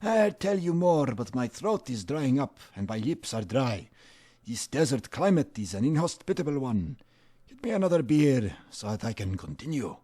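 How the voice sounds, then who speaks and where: A man's voice: mid-range voice, sing-song, normal speed, warm tone, pitched above the performer's own voice. A man voicing a drunk old man in a desert tavern who rambles theatrically and begs for beer. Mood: wheedling. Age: older.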